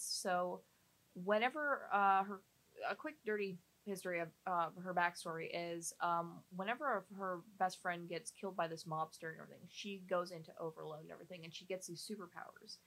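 A woman's voice: fairly low pitch, fairly quick, fairly bright tone, poor audio. An actress chatting casually in an interview, rambling and restarting her sentences with lots of fillers.

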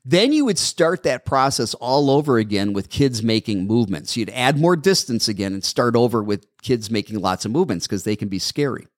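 A man who trains dogs answers listener questions on an advice show, explaining steps patiently and repeating them, his voice a little hoarse. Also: medium pitch, sing-song, brisk, few pauses, dry recording, studio quality. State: slightly hoarse.

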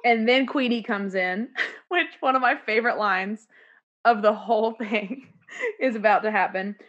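A woman's voice: a little high, unhurried, muffled recording. A woman chatting casually, acting out lines as she recounts a scene. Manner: animated, acts out lines while recounting. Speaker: podcast co-host discussing a musical. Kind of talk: casual chat, quoting lyrics.

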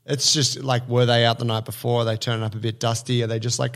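A man hosting a casual podcast, animated and swearing, acting out little quotes as he talks. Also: mid-range voice, fast. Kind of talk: casual chat.

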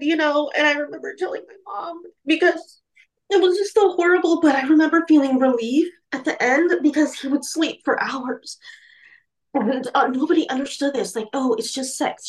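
A woman's voice: high-pitched, rough recording. Woman candidly recounting a painful past. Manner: candid, halting, emotional retelling. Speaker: interview guest. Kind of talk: personal storytelling.

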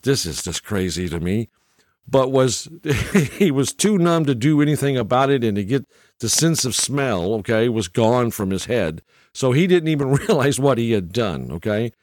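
A man's voice: medium pitch, lively intonation, normal speed, darkish tone, dry recording, studio quality. A man in his sixties hosting a podcast, telling a story in a casual monologue, chuckling often and tagging his lines with "okay?". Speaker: podcast host.

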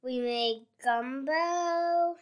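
A woman's voice: high-pitched, extremely slow. Giggly, blunt young girl co-host. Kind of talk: casual podcast chat.

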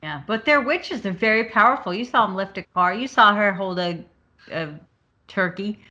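Bright, lively woman recapping a movie on a podcast. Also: mid-range voice, normal speed, lo-fi sound. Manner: animated retelling, acts out scenes. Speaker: podcast co-host discussing a film. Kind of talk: casual chat.

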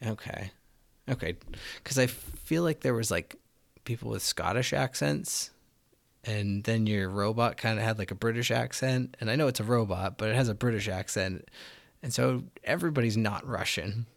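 A man's voice: lowish voice, moderate pace, gravelly. A man co-hosting a casual chat, thinking aloud in a hesitant way. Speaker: podcast co-host.

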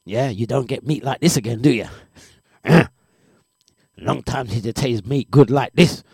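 Field: voice. Figure: a man putting on a smug, leering male ex. Acting: low taunting drawl. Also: measured pace, creaky, darkish tone, slightly rough, dry recording, studio quality. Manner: teasing, boastful, breaks into laughter. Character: smug leering male ex stirring a pot of curry goat.

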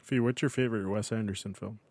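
A man's voice: lowish voice, steady tone, quick pace, darkish tone, dry recording. A man hosting a casual podcast chat, loose and swearing freely. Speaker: podcast host.

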